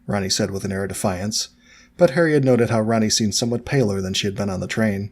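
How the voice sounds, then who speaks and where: A man narrating a fan fiction audiobook in a steady, even storytelling manner. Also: lowish voice, fast talker.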